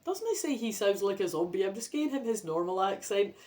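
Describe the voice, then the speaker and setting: A woman's voice: mid-range voice, sing-song, fairly quick, dark tone. A woman with a Scottish accent reading a children's adventure book aloud, rambling and chatty with sweary asides. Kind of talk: casual read-aloud with asides.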